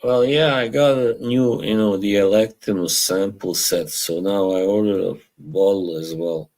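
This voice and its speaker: Slow deep-voiced man chatting on stream. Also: steady tone, a little mellow. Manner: rambling, chuckles often, reads chat aloud. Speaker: live stream host. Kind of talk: casual live-stream chat.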